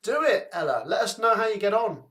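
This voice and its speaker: A man's voice: high-pitched, very animated, bright, forceful tone. Chatty Coventry man hosting a football stream. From England. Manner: chatty, reads out names and scores briskly. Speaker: football watchalong host. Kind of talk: casual live-stream chat reading viewer comments.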